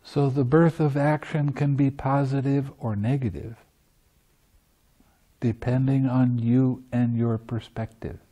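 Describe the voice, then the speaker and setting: Man teaching meditation at a retreat; slow, relaxed and mellow, playful with frequent laughter. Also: mid-range voice. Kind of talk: dharma talk at a retreat. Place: meditation center.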